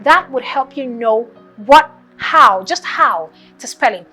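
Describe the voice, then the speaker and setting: A woman's voice: high-pitched, expressive, slow pace, sharp tone, faint music behind. A woman teaching a children's vocabulary lesson, encouraging and spelling words out letter by letter.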